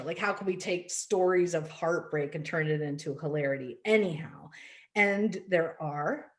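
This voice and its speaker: A middle-aged woman coach leading an online workshop, speaking earnestly and acting out bits of dialogue with animation. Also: medium pitch. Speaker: life and laughter coach.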